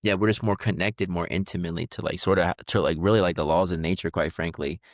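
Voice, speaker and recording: Podcast co-host, man, deep voice, rambling reflective chat, dry studio. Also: fairly even intonation, fast talker, no room sound. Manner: rambling, many fillers and restarts. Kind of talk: casual conversation.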